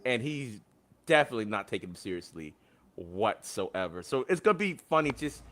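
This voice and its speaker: A man's voice: lowish voice, big pitch swings, brisk, a bit bright. A man hosting a casual wrestling podcast, who laughs often and acts out quotes in big voices. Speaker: podcast host.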